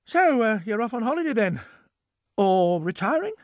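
A flustered everyday man, as a storyteller plays him, stammering and hesitant, his voice climbing high and swinging widely in pitch. The sound is close and dry. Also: big pitch swings, moderate pace, dry recording. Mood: bemused. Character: flustered everyday British man, easily bewildered.

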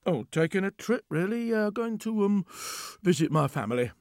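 Vague barber, sheepish and stumbling, full of ums; narrator voices him in a storybook. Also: male voice, high-pitched, big pitch swings, normal speed, darkish tone, no echo, studio quality, pitched above the performer's own voice. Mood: hesitant. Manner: hesitant, stumbling, lots of ums.

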